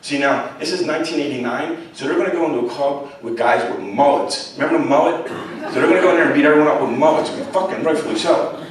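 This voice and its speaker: A man's voice: a little high, fast. A man in his thirties telling his life story to a theater audience in a blunt, profane, chatty way, often checking in with the crowd. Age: 30s. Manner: blunt, profane, conversational, keeps checking in with "right?". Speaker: guest speaker. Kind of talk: storytelling talk to a live audience. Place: large college theater, in front of a full house. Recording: very echoey theater, distant mic, faint hiss.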